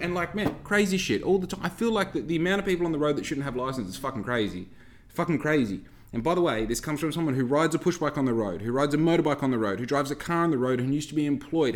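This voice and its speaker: A man hosts a podcast and rants at his listeners. He swears freely and talks to the audience directly in a loose, heated tone. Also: medium pitch. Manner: heavy swearing, ranting, talks straight to listeners. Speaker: podcast host. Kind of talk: casual podcast rant.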